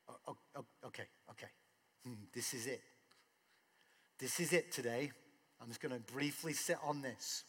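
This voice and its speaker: A man's voice: a little high, sing-song, measured pace, pauses often, a bit bright, husky, big-room sound. A man preaching a sermon in a conversational way, asking rhetorical questions. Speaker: pastor.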